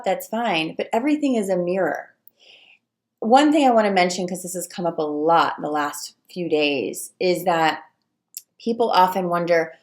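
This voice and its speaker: Animated woman giving relationship advice. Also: on the low side. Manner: animated, acts out quoted voices of clients and fears. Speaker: relationship coach. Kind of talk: casual direct-to-camera advice talk.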